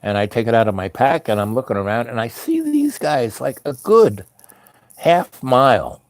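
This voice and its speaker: A man's voice: mid-range voice, big pitch swings, moderate pace, no echo. A man telling a personal travel story in a casual, rambling way, full of fillers and restarts.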